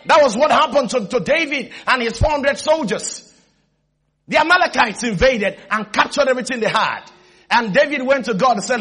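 A man's voice: very high-pitched, expressive, moderate pace, pushed and bright, breathy edge. A male pastor preaching an emphatic sermon, calling for amens from the congregation. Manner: emphatic call-and-response preaching.

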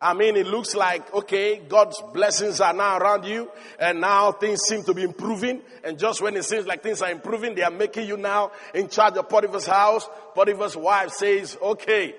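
A man preaching a sermon as a pastor, swinging passionately between loud exhortation and low storytelling. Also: steady tone, normal speed, few pauses. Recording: long reverb of a large hall.

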